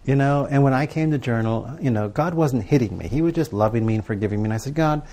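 A man's voice: mid-range voice, quick pace, mellow, slight background noise. A middle-aged man giving a sermon to a live audience, telling stories and asking rhetorical questions in a conversational way. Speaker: preacher teaching on prayer and journaling.

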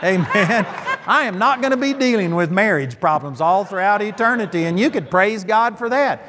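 A man's voice: high-pitched, expressive, normal speed, a bit bright, big-room sound. A middle-aged man preaching a sermon, telling folksy stories and landing emphatic punchlines.

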